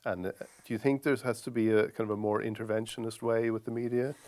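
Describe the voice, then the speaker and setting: A man's voice: fairly low pitch, steady tone, fast, a little mellow. A man interviewing a guest, asking probing questions and backing him with short replies. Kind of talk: conversational interview.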